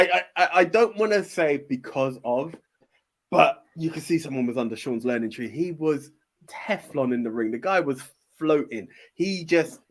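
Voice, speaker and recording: A man, hosting a podcast in casual, enthusiastic chat with many fillers and restarts. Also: a little high. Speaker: podcast host.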